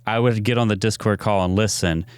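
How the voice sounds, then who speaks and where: A man's voice: on the low side, fairly even intonation, brisk, clear, resonant tone, no echo. A man co-hosting a podcast, telling stories in a candid, rambling casual chat. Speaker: podcast co-host.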